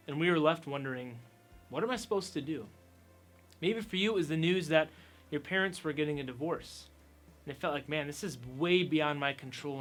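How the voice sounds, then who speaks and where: A man's voice: fairly high pitch, a bit bright. A man giving an upbeat, conversational youth sermon as pastor, telling stories along the way.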